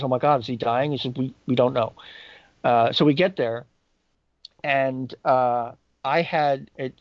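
A man telling a personal story in a halting, reflective way, jumping up in pitch when he quotes people. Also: no echo. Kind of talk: personal anecdote. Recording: dull lo-fi dry recording.

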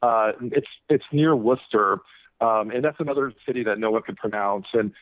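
A man's voice: fairly low pitch, moderate pace, no echo. A man who is an author and guest, talking casually in an interview, rambling with many fillers and restarts. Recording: tinny phone-like radio audio.

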